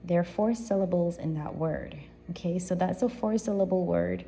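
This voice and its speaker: A woman's voice: lowish voice, lively intonation, normal speed, dark tone, a little hiss or hum. A woman teaching a primary school grammar lesson, explaining patiently step by step and repeating key points.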